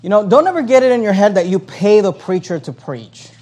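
A man preaching a sermon from the pulpit, reading scripture aloud and then paraphrasing it with a sarcastic, animated delivery. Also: high voice, a little fast. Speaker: pastor.

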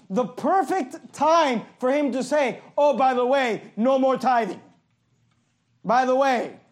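Guy preaching w a really high voice, fired up, sarcastic jabs, drags out the verses. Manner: passionate, forceful preaching with sarcastic asides; reads scripture slowly and emphatically. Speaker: pastor. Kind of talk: sermon.

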